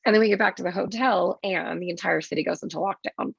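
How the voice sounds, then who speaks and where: A nurse being interviewed on a podcast tells a story quickly and vividly, swearing a lot and acting out her own quotes. Her voice is low and creaky over a noisy crowd, on dull lo-fi audio.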